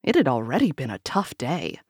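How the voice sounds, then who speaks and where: A woman narrating a novel aloud in a measured, expressive reading. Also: extremely low pitch, slightly rough, no echo, clean studio sound. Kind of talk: audiobook narration.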